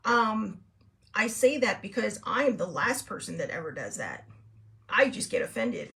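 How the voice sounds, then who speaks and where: A middle-aged host from California, telling a story in a casual, rambling way, laughing often and acting out both sides of an argument. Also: female voice, medium pitch, sing-song, normal speed, sharp tone. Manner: chatty, laughs often, rambling with fillers and restarts; acts out both sides of a quarrel in raised tones. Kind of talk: casual storytelling to a live chat.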